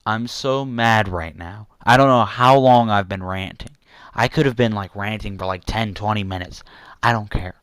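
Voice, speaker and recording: A man's voice: lowish voice, steady tone, normal speed, a bit bright, clear, resonant tone, no room sound. A young man delivering an angry, repetitive rant to his viewers, insulting some people and apologizing to others. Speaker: youtuber ranting to viewers.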